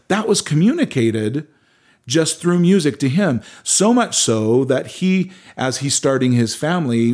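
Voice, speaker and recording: A middle-aged musician, appearing as a guest in a casual interview, speaks earnestly in a mid-range, slightly mellow voice. He tells his stories with frequent restarts of his sentences.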